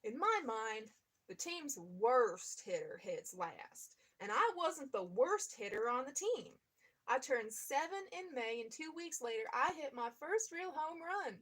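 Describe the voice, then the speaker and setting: A woman's voice: high-pitched, big pitch swings, a little slow, fairly bright tone, husky. Woman reading a memoir aloud. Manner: reads steadily, breaks off to comment and laugh. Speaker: reader.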